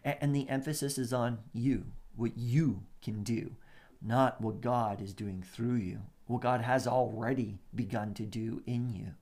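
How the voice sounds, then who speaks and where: A man's voice: medium pitch, steady tone, unhurried, darkish tone. A man preaching a sermon in a conversational way, with frequent laughs, asides and voiced-out quotes. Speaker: pastor.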